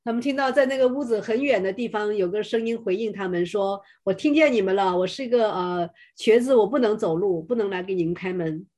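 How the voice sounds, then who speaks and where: A woman's voice: medium pitch, a little mellow. A woman interprets a sermon live, one phrase at a time. She sometimes hesitates and restarts with fillers while she follows the preacher. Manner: hesitant, fills pauses with 'uh'.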